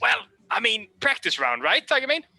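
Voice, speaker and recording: A man doing a loud, teasing woman cheering. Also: high-pitched, huge pitch swings, normal speed, vocal fry, no echo, pitched above the performer's own voice, exaggerated voice.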